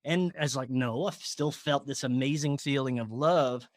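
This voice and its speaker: A man guest on a podcast, telling a personal story in a casual, animated way, laughing often and filling with "like". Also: mid-range voice, moderate pace, no echo, clean studio sound.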